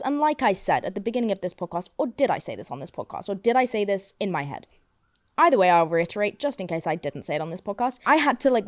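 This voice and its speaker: A woman's voice: a little high, darkish tone, dry recording, studio quality. A young woman hosting a casual podcast from home, rambling, swearing a lot and poking fun at herself. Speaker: podcast host. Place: home, seated on couch.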